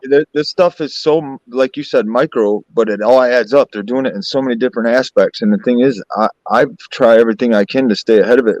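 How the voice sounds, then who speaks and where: A man telling a rambling, animated story in a casual group voice call, acting out sounds. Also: mid-range voice, brisk, hardly any pauses, dry recording, highs cut off. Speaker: chat participant telling a story. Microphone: online voice call.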